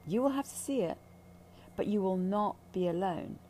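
A woman's voice: medium pitch, lively intonation, moderate pace, mellow, a little hiss or hum. A woman who guides ayahuasca ceremonies, talking candidly about spiritual healing in a blunt, intense, profane way.

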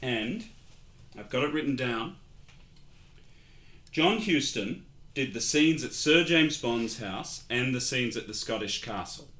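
A man's voice: mid-range voice, animated, slow pace, long pauses, fairly bright tone. A man co-hosting a casual film review podcast, joking and rambling, often breaking into laughter. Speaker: podcast co-host.

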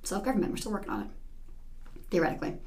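A woman teacher chatting in an interview, her words tumbling out fast. She tells stories with lively, animated energy and a middle-range voice. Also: medium pitch. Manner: animated, quick storytelling. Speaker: second grade teacher. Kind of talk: casual interview chat.

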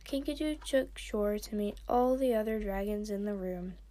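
A woman's voice: mid-range voice, normal speed, dark tone. A woman casually narrating her own fan fiction story, with slips and restarts. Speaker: podcast host reading fan fiction.

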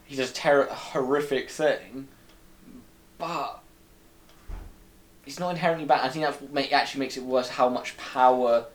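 A young British man in casual film chat with friends, animated, laughing often and restarting his sentences. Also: mid-range voice, normal speed, long pauses.

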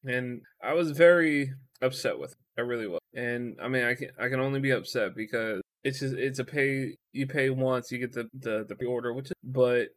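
A young man tells a story in a loose, profane ramble. He trips over his words and restarts often, at a middle pitch with a dry, close sound. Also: moderate pace, hardly any pauses, a bit bright, dry recording. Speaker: vlogger. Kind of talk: casual storytime rant.

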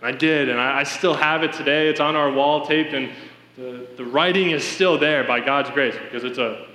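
A man with a high, bright voice delivers an earnest sermon, speaking straight to his congregation. His words ring out through a big, echoey church hall with a long reverb tail. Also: steady tone, normal speed. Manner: earnest storytelling, addresses congregation directly. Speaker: preacher giving testimony.

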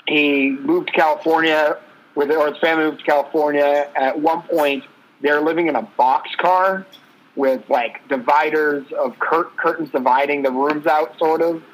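A man's voice: on the high side, steady tone, normal speed, rough recording. A man co-hosting a casual sports talk show, telling a sports story in a loose, rambling way. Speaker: podcast co-host.

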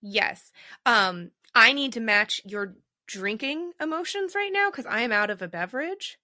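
A woman co-hosting a podcast in casual chat, telling stories in an animated, chatty way. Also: on the high side, measured pace, no echo, studio quality. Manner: chatty storyteller, animated retelling. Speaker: podcast co-host. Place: home recording with a drink.

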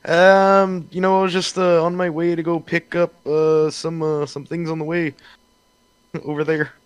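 A man's voice: a little high, flat delivery, a little slow, clean tone, no room sound, close to an everyday voice. A man voicing a friendly, folksy male Canadian shopkeeper in a put-on Canadian accent, drawling and hesitant.

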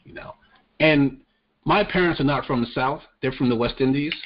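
A man's voice: mid-range voice, moderate pace. A man co-hosting a casual podcast chat about the news, blunt and profane, often stammering as he restarts his sentences. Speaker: podcast co-host. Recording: muffled lo-fi audio.

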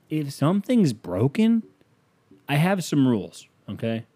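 Very animated yet a little slow, this US podcast host delivers a laid-back comic rant full of swearing and rhetorical questions, swinging from noisy blowups to low grumbles.

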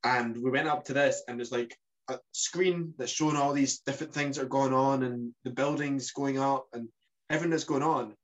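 Man, casual travel chat, rambling delivery, average pitch. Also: steady tone, normal speed, rough recording. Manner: rambling, many restarts and fillers. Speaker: podcast co-host.

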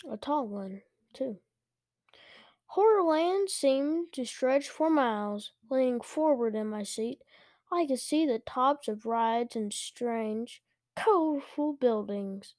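A woman's voice: high voice, a little mellow, no room sound, clean studio sound. A woman reading a children's book aloud, carefully and with small restarts. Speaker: story reader.

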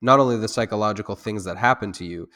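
A man with a fairly low voice talks through an interview as a self-defense instructor. He rambles, restarts his sentences and leans on fillers. He turns loud and heated when he drives a point home. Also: fast talker. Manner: loose, rambling talk with many restarts and fillers. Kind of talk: conversational interview.

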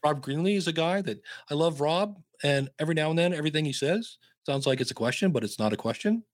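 A man talking as a guest in a casual podcast interview, telling lively stories and slipping into playful voices. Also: fairly high pitch, quick pace, dry recording, studio quality. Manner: lively storyteller who slips into playful voices.

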